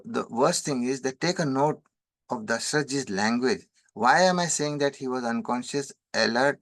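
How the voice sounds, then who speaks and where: Guy teaching scripture, rattles off verses fast then explains slow, mid voice, dry sound. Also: mid-range voice, fairly bright tone, dry recording. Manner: chants verses rapidly, then explains in measured English. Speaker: spiritual teacher. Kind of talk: scripture commentary.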